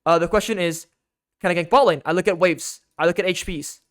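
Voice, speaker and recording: A man's voice: high voice, fairly quick. A man giving an instructional game guide as a coach, emphatic and repetitive, often checking in with "okay?".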